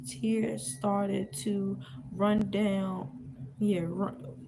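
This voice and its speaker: A woman reading a novel aloud in an unhurried, halting way and stopping now and then to restart a line. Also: mid-range voice, flat delivery, creaky, background noise. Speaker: audiobook reader.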